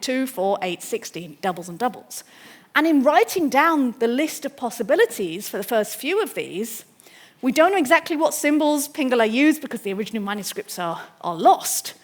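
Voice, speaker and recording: Woman lecturer, slightly high voice, eager and explanatory, restarts sentences as she goes. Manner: enthusiastic, explanatory, with frequent restarts. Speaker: mathematics lecturer. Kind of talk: public lecture.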